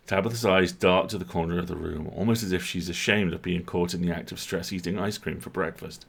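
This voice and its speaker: A man's voice: sits low, fairly even intonation, fairly quick, vocal fry, hardly any pauses, a bit bright, breathy edge. A man co-hosting a game stream, reading narration and joking dryly. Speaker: co-host reading a game aloud. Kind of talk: casual playthrough chat and narration.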